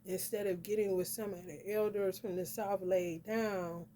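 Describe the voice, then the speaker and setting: A woman's voice: medium pitch, fairly even intonation, moderate pace, warm tone, a little hiss or hum. Blunt, profane woman calling everyone honey. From northern United States. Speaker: astrology reader. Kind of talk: casual spiritual vlog rant.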